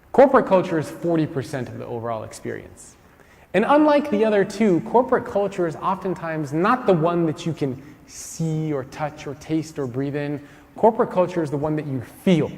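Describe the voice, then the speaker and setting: Lively male keynote speaker in a hall. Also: a little high. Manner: lively storytelling with acted-out quotes. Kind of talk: conference keynote talk. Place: large conference hall.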